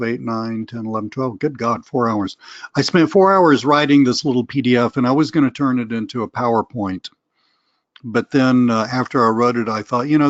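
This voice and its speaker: Speaking on a webinar, a middle-aged online business coach with a Southern US accent rambles casually, chatting away, mocking himself and occasionally swearing. His voice is mid-range, with no echo and the high frequencies cut off.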